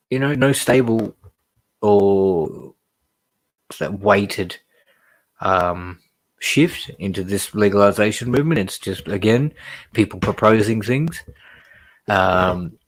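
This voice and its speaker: A man hosting a casual podcast, reading news aloud and breaking off into passionate, rambling commentary. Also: on the low side. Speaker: podcast host.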